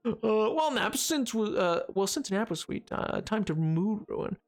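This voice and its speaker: A young man live-streaming a game, bantering and teasing with his chat. His voice has a gravelly, fry-edged texture and swoops all over in pitch as he jokes around. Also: sing-song, unhurried, soft background music.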